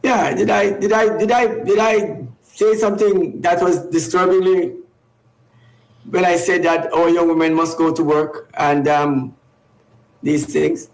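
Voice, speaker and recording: Halting man co-hosting radio, echoey. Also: high voice, steady tone, creaky. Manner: halting, repeats words, laughs easily. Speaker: radio show co-host. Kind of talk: casual radio talk show chat.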